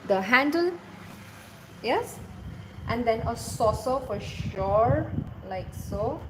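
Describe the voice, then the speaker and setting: High-voiced Indian woman teaching doodling. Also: lively intonation, slow, noisy background. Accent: Indian English. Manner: instructive, checks in often with the viewer. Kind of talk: casual step-by-step drawing tutorial.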